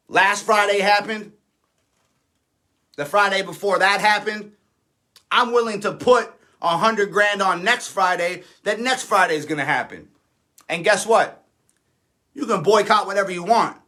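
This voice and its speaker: A man's voice: high-pitched, sharp tone. A man in his thirties, an independent rapper, ranting defiantly and sarcastically on a livestream, swearing often. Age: 30s. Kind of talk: livestream rant.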